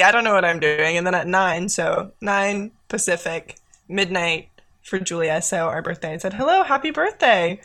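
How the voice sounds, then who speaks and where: A woman's voice: on the low side, lively intonation, moderate pace, fairly bright tone. A woman co-hosting a podcast, telling a story in casual chat and laughing often. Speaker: podcast co-host.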